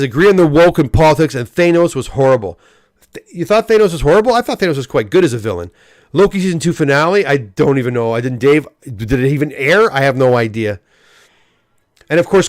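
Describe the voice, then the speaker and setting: A man's voice: mid-range voice, no echo. Middle-aged male streamer, opinionated rant, stammers, dry close sound. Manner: opinionated, ranting, stammering restarts. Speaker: host of comic live stream. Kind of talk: casual live-stream chat reading comments.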